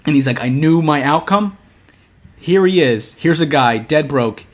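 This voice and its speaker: A young man co-hosting a podcast, telling a long story in casual chat, animated, restarting often and acting out the lines he quotes. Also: on the high side, unhurried. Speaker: podcast co-host.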